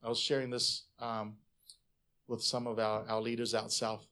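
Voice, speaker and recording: A man pastor preaching a sermon, animated and conversational, swinging between loud bursts and quiet asides. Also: medium pitch, moderate pace.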